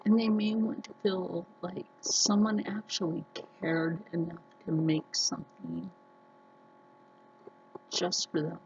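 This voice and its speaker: A woman vlogger talking earnestly to her viewers, telling personal stories slowly with many restarts. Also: fairly low pitch, flat delivery, darkish tone, lo-fi sound, a little hiss or hum. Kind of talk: casual personal talk to camera.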